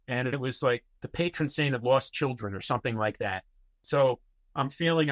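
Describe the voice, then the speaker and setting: A man's voice: medium pitch, normal speed, fairly bright tone, no echo. Rambling man telling stories on a call. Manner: rambling, many fillers and restarts, laughs often. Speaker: podcast guest. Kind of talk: casual interview storytelling.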